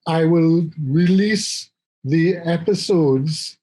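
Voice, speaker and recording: A man with a slightly high voice hosts a casual chat over a video call. He rambles and restarts his sentences as he goes. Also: drawn-out words, mellow, rough recording. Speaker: podcast host.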